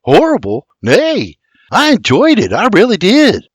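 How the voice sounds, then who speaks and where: A man's voice: high-pitched, wildly swooping pitch, measured pace, husky, no room sound, studio quality, voice pushed up, exaggerated voice. A man voicing a charming young colonial farmhand who speaks cheerfully.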